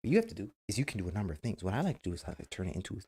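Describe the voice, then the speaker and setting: A man's voice: on the low side, very animated, very fast, mellow, husky. A man streamer giving casual, emphatic advice, repeating himself and acting out quoted remarks. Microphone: webcam mic.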